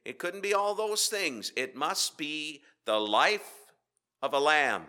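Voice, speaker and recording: A man preaching a sermon with rhetorical questions and dramatic pauses, swinging between loud emphasis and hushed asides. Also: on the high side, expressive. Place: church.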